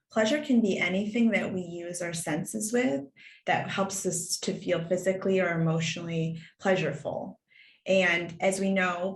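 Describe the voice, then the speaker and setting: A woman's voice: lowish voice, roomy sound, poor audio. A woman presenting a wellness webinar, speaking steadily from prepared points. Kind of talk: prepared educational talk.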